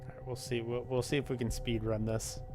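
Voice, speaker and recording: A man's voice: mid-range voice, flat delivery, brisk. A man streaming a shooter game, chatting casually and rambling with lots of fillers as he plays. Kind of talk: casual gameplay commentary. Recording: game music behind the voice.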